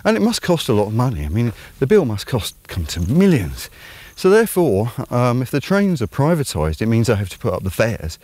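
A man's voice: mid-range voice, huge pitch swings, fairly quick, darkish tone, no room sound. A man with an Estuary English accent hosting his own channel, talking through an opinionated commentary in a rambling, conversational way full of ums. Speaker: channel host.

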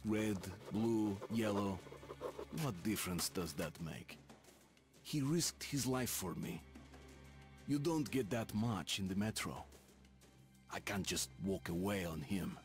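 An actor giving a video game character's reflective inner monologue, grim and earnest. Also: male voice, on the low side, animated, slow pace, long pauses, faint music behind. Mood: somber.

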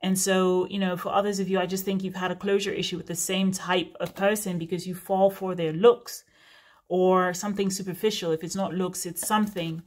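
A woman's voice: on the low side, little pitch movement, fairly quick, a little mellow. A woman giving a casual, frank tarot reading to her viewers, chatty with many fillers and asides. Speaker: tarot reader.

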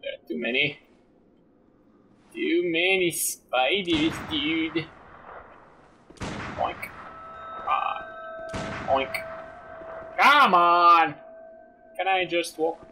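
A man playing through a video game, bursting into goofy exclamations. His voice sits high and bright, with big swings in pitch. He talks at an unhurried pace, and faint music plays behind him. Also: slight background noise. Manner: excitable, loud outbursts and goofy exclamations. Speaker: gaming commentator. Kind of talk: let's play commentary.

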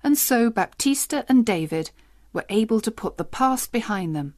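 Steady woman storybook narrator. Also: fairly high pitch, normal speed, dry recording, studio quality. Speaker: audiobook narrator. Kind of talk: graded-reader narration for learners.

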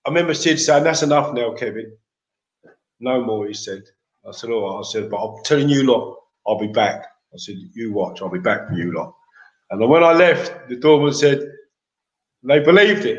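A man's voice: mid-range voice, dull audio. English man telling stories, echoey room. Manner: animated, laughing anecdotes with slang. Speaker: interview guest. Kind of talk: casual storytelling.

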